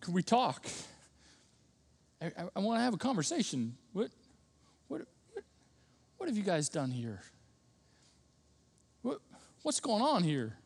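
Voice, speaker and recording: Gentle fatherly God, as a preacher puts him on. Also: high-pitched, wildly swooping pitch, measured pace, vocal fry, pauses often, slightly rough, pitched above the performer's own voice, exaggerated voice. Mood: gentle, coaxing. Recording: long reverb of a large hall.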